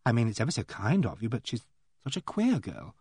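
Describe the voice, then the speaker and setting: A man's voice: medium pitch, wildly swooping pitch, a little fast, a little mellow, husky, no echo, clean studio sound, exaggerated voice. A male reader voicing a kindly young woman who chatters earnestly and fusses over others. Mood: doubtful.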